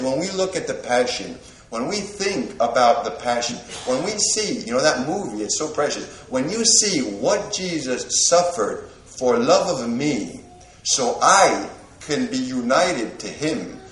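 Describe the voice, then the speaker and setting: A man's voice: medium pitch, big pitch swings, a little slow, echoey room, rough recording. A priest who is also a hospital chaplain, preaching earnestly with rhetorical questions and repeated addresses to his listeners. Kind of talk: sermon.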